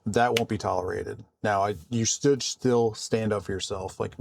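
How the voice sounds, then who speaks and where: Calm low-voiced man telling stories. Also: normal speed, gravelly. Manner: calm, conversational, frequent restarts. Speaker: vlogger and IT support worker. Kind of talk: casual storytelling to camera.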